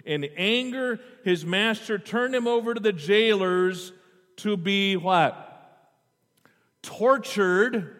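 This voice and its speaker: In a high, slightly bright voice, a male pastor takes his sermon slowly, reading scripture aloud and pausing often to explain and to question the congregation. The recording has a long hall reverb.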